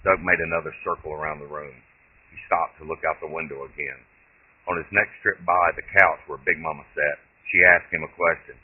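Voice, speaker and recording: A man, the author, reading his own short story aloud in steady, plain storytelling. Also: a bass voice, brisk, breathy edge. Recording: tinny lo-fi phone-like audio.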